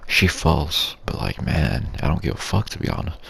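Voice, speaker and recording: A man's voice: very animated, normal speed, fairly bright tone, slight background noise. A young man telling a crude, rambling ASMR story in slangy street talk, half whispered. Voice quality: low gravelly breathy voice. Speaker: YouTube storyteller.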